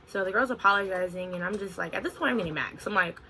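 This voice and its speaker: A young woman in her twenties telling a story on her vlog in an animated, expressive way, full of "like". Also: medium pitch, racing, crowd noise, low-quality recording. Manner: animated, expressive retelling with frequent "like". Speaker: vlogger.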